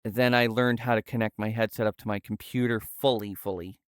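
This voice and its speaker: A young man streaming live, speaking in a halting, soft-spoken way with many fillers. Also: lowish voice, fairly even intonation, clear, resonant tone, no echo, clean studio sound. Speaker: livestreamer. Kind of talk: casual livestream chat. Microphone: VR headset setup.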